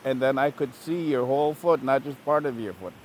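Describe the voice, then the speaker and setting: A man's voice: mid-range voice, brisk, a little hiss or hum, close to an everyday voice, poor audio. A man voicing a cunning male raven who apologizes politely while scheming. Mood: sly, apologetic. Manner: calm, apologetic, sly.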